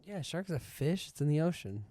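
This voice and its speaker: Young male co-host, slightly higher voice, quick blunt jokey comebacks. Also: expressive, warm tone. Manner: blunt, jokey reactions with heavy swearing. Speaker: podcast co-host. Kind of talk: casual chat.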